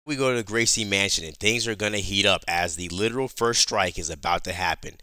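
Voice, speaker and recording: A man hosting a casual comic book recap in a chatty, animated storytelling manner. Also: on the low side, a little fast, few pauses, no room sound, clean studio sound.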